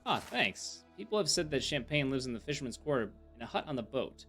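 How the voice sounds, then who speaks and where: A man's voice: mid-range voice, big pitch swings, brisk, fairly bright tone. Man, game streamer, chatty, thinking aloud, self-mocking, faint music behind. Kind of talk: live-streamed game commentary.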